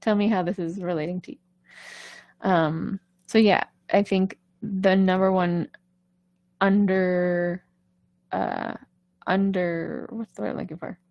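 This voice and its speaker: A woman's voice: lowish voice, fairly even intonation, slow pace, creaky, long pauses, dry recording, dull audio. A woman vocal coach talking casually on a live stream, chatty and reassuring, often checking in with "right?".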